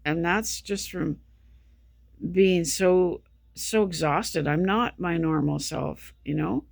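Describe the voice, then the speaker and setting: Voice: mid-range voice, slow pace, vocal fry, dry recording, studio quality. A vlogger talking in a casual monologue, exhausted, sleep-deprived and feeling sick, rambling and repeating themselves with many restarts. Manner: rambling, repetitive, restarting sentences.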